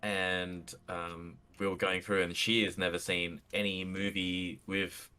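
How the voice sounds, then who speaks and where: Low, bright-toned co-host. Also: male voice, level tone, smooth. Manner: hesitant, halting explanation. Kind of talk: casual live-stream chat.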